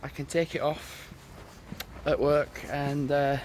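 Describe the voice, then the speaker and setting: A man chats into his phone while walking outdoors, audibly out of breath. His voice sits a little high, and he rambles loosely from one thought to the next with frequent sighs. Faint noise hangs behind him. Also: level tone, slow pace, a little mellow. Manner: rambling, chatty, sighs often. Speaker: vlogger. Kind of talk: casual vlog chat while walking. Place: outdoors on a walk. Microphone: phone held while walking.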